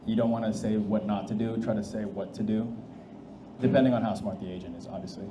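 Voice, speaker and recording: A man with a lowish voice talks quickly in a steady tone while demoing AI agents live for an audience. His delivery is casual and full of thinking aloud and restarts, recorded in an echoey hall with faint noise.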